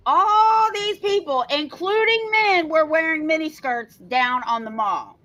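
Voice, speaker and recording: A woman's voice: very high voice, measured pace, sharp tone, a little hiss or hum, low-quality recording. A woman co-hosting a podcast, talking in an irritated, emphatic way and often asking "right?". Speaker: podcast co-host. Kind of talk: casual podcast talk.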